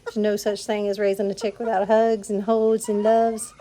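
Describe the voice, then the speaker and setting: A woman with a Southern US accent talking casually for a farm vlog, often slipping into soft baby talk with her animals outdoors. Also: medium pitch, flat delivery, moderate pace. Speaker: farm vlogger. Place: outdoors on a farm with goats and chickens.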